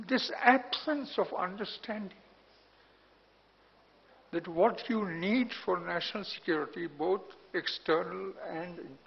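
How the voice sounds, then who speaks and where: An older man with an Indian accent gives a blunt speech at a report launch, his gravelly, husky voice turning loud when indignant. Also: high-pitched. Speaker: former national security adviser, speaker. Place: large hotel hall. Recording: dull recording in a reverberant hall.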